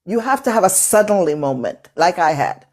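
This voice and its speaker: A woman's voice: on the low side, sing-song, moderate pace, darkish tone. A middle-aged woman with an accent hosting a motivational talk on a live call, emphatic and preacherly, repeating phrases for effect. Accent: non-native English accent. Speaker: motivational speaker and workshop host.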